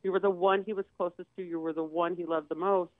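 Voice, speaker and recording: A woman's voice: on the low side, fairly even intonation, fast talker, no room sound. A woman telling a dramatic personal story, acting out the voices of the people in it. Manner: vivid, acts out quoted dialogue. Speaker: guest sharing her story. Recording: tinny phone-like dry sound.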